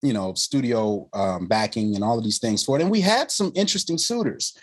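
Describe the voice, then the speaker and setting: A man's voice: fairly low pitch, a little fast. A man, a filmmaker guest, telling stories in casual conversation and acting out the people in them. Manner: animated, quoting others in lively voices. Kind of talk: conversational storytelling.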